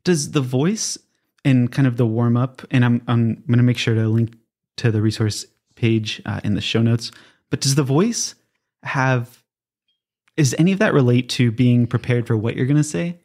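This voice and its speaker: A man's voice: medium pitch, moderate pace, darkish tone. A man hosting a podcast, chatting casually in a rambling, self-correcting way. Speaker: podcast host. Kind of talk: casual interview chat.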